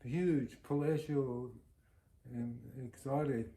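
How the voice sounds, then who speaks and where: A man's voice: medium pitch, fairly even intonation, slow pace, dark tone. A man giving a devotional storytelling talk, earnest and anecdotal, chuckling now and then. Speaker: devotional speaker. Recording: roomy echo.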